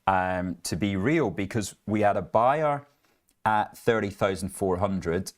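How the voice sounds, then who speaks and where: A man's voice: fairly low pitch, a little slow. A middle-aged man co-hosting a live trading show, conversational with jokey asides. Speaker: co-host. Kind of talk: live market commentary.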